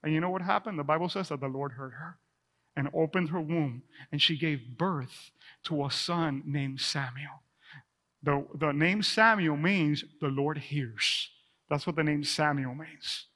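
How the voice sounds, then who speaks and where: Pastor, male, animated sermon delivery, bright tone, reverberant sanctuary. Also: fairly high pitch, a little slow. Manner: animated preaching, reading scripture aloud. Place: church sanctuary.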